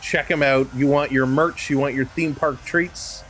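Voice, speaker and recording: A man's voice: medium pitch, steady tone, a little slow, a bit bright, soft background music. A man with a Canadian accent hosting a live hockey stream, calling the play-by-play and greeting chatters by name. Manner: upbeat, greets chatters by name between game calls.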